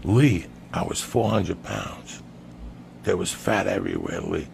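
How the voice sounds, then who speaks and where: A man's voice: sits low, unhurried, vocal fry, darkish tone, slight background noise. A man telling a crude, comic story on a podcast, swearing often and calling his listener by name. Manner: profane, emphatic, keeps addressing the listener by name.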